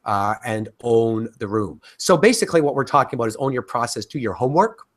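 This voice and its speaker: Animated man teaching a course. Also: medium pitch, fairly quick. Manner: animated, talkative, frequent fillers and restarts. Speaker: course instructor. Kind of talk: casual spoken lecture.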